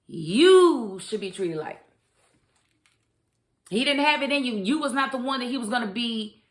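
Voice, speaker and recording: A woman's voice: a little high, fairly bright tone. A young adult woman, reviewing a TV drama in a casual, opinionated way and talking straight to the characters. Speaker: TV show reviewer. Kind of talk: casual chat.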